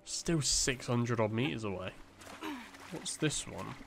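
A man's voice: medium pitch, expressive, slow, creaky, soft background music. A young man giving casual let's-play commentary, rambling and joking at himself with plenty of fillers. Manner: rambling, self-deprecating, lots of fillers. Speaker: gameplay commentator.

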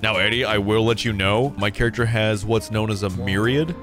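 A man's voice: on the low side, very animated, moderate pace. A man hosting a gaming video, joking and laughing through playful let's-play banter. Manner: jokey and playful, laughs a lot. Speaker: gaming channel host. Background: game music.

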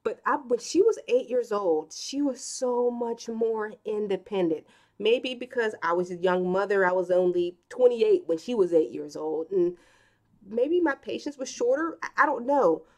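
A woman's voice: medium pitch, lively intonation, normal speed, darkish tone. A woman in her thirties hosting a live stream in a casual, chatty way, reading comments and telling stories with acted quotes. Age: 30s.

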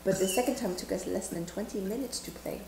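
Chatty female host, mid pitch, echoey room with a faint hum. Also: fast, vocal fry, a little mellow. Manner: talkative, leads the review. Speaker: co-host of a board game review show. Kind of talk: casual chat.

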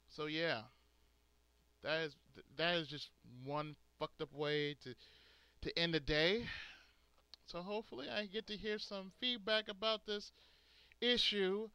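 Here a man who hosts a gaming channel vents furiously at his subscribers, full of profanity and hard emphasis. His somewhat high voice sounds pushed and bright, clear and resonant, with no room sound.

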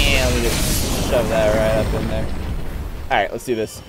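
A man's voice: fairly low pitch, little pitch movement, moderate pace. A man streaming a video game, reacting with yelps, groans and silly asides. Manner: jokey baby talk and sing-song asides. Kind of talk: live gameplay commentary. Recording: loud game music behind.

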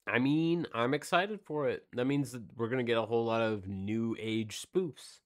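A man co-hosting a casual podcast, reading off release dates and snack news. He rambles with plenty of "uh" and restarts, in an average-pitched voice. The talk stays loose and chatty. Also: moderate pace. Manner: rambling, reads out release dates with many fillers. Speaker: podcast co-host. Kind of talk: casual chat.

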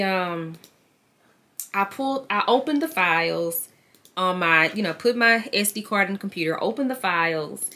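Chatty woman vlogger, lively pitch. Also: moderate pace. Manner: chatty, addresses viewers as y'all and girl; talks herself through frustration. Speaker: lifestyle vlogger. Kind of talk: casual chat to camera.

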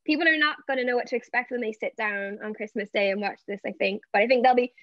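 A woman's voice: on the high side, fast talker, fairly bright tone, no echo. A woman being interviewed as an actress over a video call, answering fluently and reflectively. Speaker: actress guest. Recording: dull lo-fi, dry.

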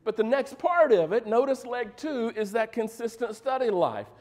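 A pastor with a high, darkish-toned voice delivers a sermon conversationally, very animated and at a moderate pace. He slips joking asides into his teaching and keeps checking that his congregation is following along.

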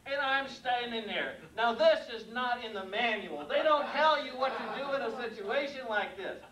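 A man's voice: very high voice, normal speed, a crowd in the background. A man in his sixties, a mailman, telling folksy comic stories on stage. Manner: folksy, animated, acts out the scenes. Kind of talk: stand-up comedy storytelling. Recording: echoey room heard from a distance with faint noise.

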